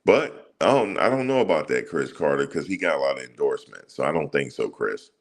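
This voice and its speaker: Very deep gravelly man ranting. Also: expressive, a little fast. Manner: heated, profane, repeats himself. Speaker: sports commentary channel host. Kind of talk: casual ranting monologue.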